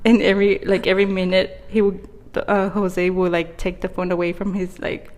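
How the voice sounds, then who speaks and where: A woman's voice: on the low side, level tone, normal speed, darkish tone. A young woman co-hosting a podcast, telling a story in casual chat and laughing often. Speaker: podcast co-host. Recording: roomy hall reverb.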